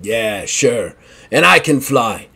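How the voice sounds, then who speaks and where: A man's voice: medium pitch, animated, slow, gravelly, a crowd in the background. A man playing a gloating town guard leader. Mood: threatening. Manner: menacing, taunting.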